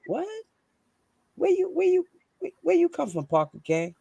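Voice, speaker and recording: A woman's voice: very high-pitched, big pitch swings, normal speed, vocal fry, dark tone, no echo. A woman, hosting and ranting in a fiery, profane way and firing off rhetorical questions. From New York. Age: 40s. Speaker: host. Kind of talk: heated casual live-stream rant.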